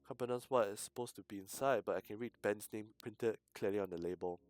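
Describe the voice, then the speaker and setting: A male streamer reading a visual novel aloud, breaking off into loud outbursts and swearing. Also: on the low side, fast talker, dry recording, faint music behind. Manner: reads text with sudden loud outbursts and swearing.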